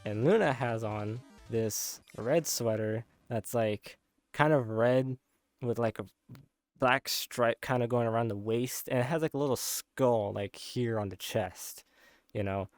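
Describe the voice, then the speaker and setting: A young man recounts a dream in a loose, rambling way, full of filler words and little laughs. His voice sits at a middle pitch. Soft music plays faintly behind him. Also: a little slow, no room sound. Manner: rambling, many filler likes, laughing often. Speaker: content creator. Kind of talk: casual storytelling of a dream.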